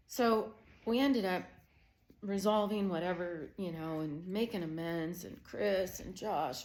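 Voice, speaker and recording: A woman's voice: mid-range voice, darkish tone, a little hiss or hum. A middle-aged woman giving a personal testimony as a Christian counselor, telling a family story conversationally with many fillers. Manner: conversational storytelling, growing emotional; many fillers like "you know" and "um".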